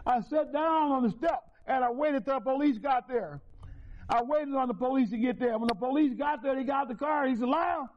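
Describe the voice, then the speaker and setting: A man's voice: very high voice, fairly quick. A man telling his own life story as a testimony at a meeting, folksy and repetitive, with chuckles. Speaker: recovery meeting speaker. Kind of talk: personal testimony. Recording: dull lo-fi recording.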